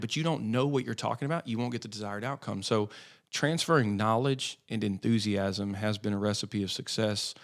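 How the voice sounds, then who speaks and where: A man's voice: mid-range voice, moderate pace. A man in his thirties, a business development head talking energetically as a podcast guest. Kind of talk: podcast interview.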